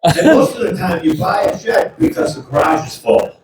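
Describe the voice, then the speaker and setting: A middle-aged man doing a loud stand-up set, laughing and acting out voices. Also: sits high, brisk, over a noisy crowd. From New England. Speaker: stand-up comedian. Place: large theater stage. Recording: roomy audience recording from far off, noisy. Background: audience laughter.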